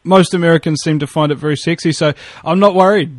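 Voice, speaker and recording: A man with a New Zealand accent rambles and jokes on a radio chat, swearing freely and stumbling over restarts. His voice sits a little high for a man. The sound is close and dry, with no room around it. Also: steady tone, fast talker, no echo. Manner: rambling, profane, joking, many restarts. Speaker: radio guest.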